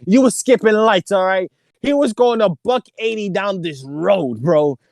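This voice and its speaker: Young man, podcast host, slangy animated storytelling, slightly high voice, dry close sound. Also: measured pace, gravelly, dry recording. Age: young adult. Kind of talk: casual storytelling chat.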